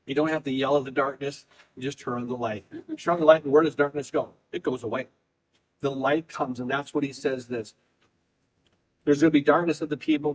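A man preaching a sermon, emphatic and repetitive, reading scripture aloud and swinging between quick bursts and slow, drawn-out phrases. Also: medium pitch, low-quality recording. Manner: emphatic preaching, speeding up and slowing down, repeating phrases. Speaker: pastor.

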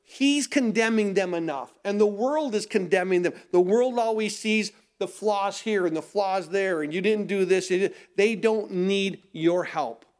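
A man's voice: sits high, a little slow, few pauses, a little mellow. A middle-aged male pastor preaching a sermon, asking rhetorical questions and repeating phrases for emphasis.

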